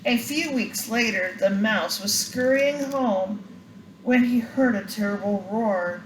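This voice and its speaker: An older woman reading a storybook aloud to her grandchildren in a gentle, expressive way. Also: on the high side, slow pace, slight background noise. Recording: roomy echo, faint ambience.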